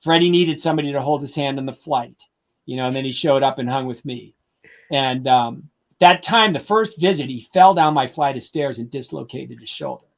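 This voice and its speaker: Animated older man telling drum stories. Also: mid-range voice, moderate pace, creaky. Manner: animated anecdotes, quotes friends in lively voices. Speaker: drum educator, guest. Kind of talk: casual storytelling.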